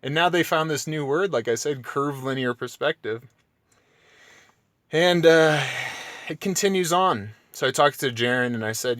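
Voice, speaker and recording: A man's voice: normal speed, dry recording. Mocking, swearing male ranter. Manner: sarcastic, mocking, swears freely; excitable, voice jumps high when mocking. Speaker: channel host. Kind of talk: casual rant to viewers.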